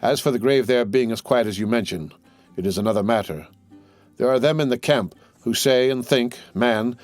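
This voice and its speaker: A man's voice: medium pitch, a little mellow, dry recording, lightly acted. A man voicing a grizzled, proud frontier scout with old-fashioned backwoods speech in an audiobook.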